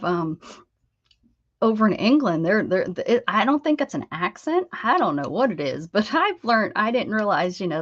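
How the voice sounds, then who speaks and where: A middle-aged American woman with a lowish voice hosts a craft livestream, casually chatting with viewers. She rambles, restarts and laughs, and the lo-fi stream audio is dull and dry with no room sound.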